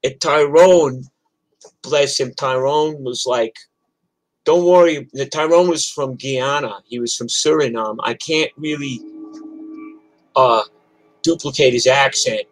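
Telling meandering, profane stories on a livestream, this older New Yorker keeps restarting as he chats. He speaks unhurriedly in a mid-range voice, captured in a rough recording.

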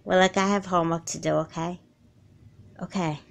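A woman's voice: on the low side, fairly even intonation, moderate pace, vocal fry. A woman playing a sulky, grieving young girl. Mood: glum. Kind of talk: amateur doll film voice acting.

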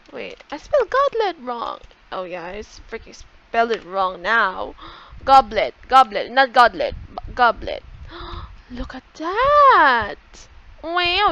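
A young woman with a high voice talks casually through a game tour, chatty and excitable, often breaking off to correct herself. The recording is dull and lo-fi, like a cheap home mic. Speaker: gaming YouTuber.

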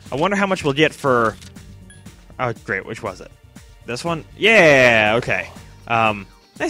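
This young gamer's voice is high-ish, bright, and forceful. He chats casually while playing, poking fun at himself and often speaking straight to the game's characters.

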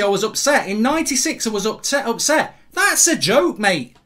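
English male football streamer, middle-aged, blunt sweary ranter, sharp tone. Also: sits high, very animated, normal speed. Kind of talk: live match reaction.

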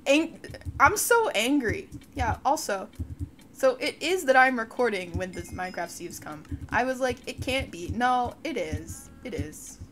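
A young woman giving casual commentary over a game, frustrated and swearing, with sudden shouted outbursts. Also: fairly high pitch, animated, normal speed, a little hiss or hum. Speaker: gaming YouTuber. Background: faint background music.

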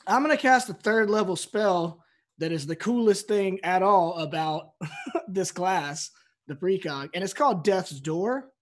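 A man's voice: high voice, lively intonation, unhurried. A man playing a tabletop game, eagerly reading his spell rules aloud. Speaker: player.

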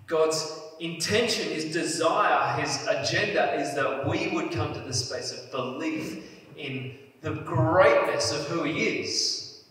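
A man's voice: fairly high pitch, slow, fairly bright tone. A man preaching a sermon in an earnest way, leaning hard on key phrases. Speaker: pastor. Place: church hall. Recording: echoey church hall, mic at a distance.

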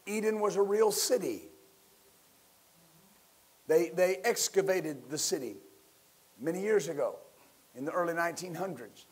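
A man preaching a sermon as pastor, building to loud emphatic bursts and leading his listeners in call-and-response. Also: a little high, animated, a little slow, pauses often, breathy edge.

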